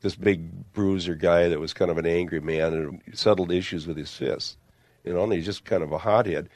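An older man leads a theological discussion in a lowish voice. He presses his points with emphasis and everyday illustrations. The sound is dry and close. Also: steady tone, normal speed, darkish tone, no room sound. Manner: emphatic, builds arguments with illustrations. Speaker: Bible teacher.

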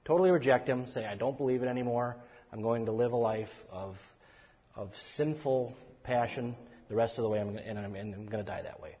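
Guy teaching bible study, kinda husky, lots of restarts, dull recording with a long echo in a hall. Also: mid-range voice, a little fast. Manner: earnest, with frequent restarts and emphatic stresses.

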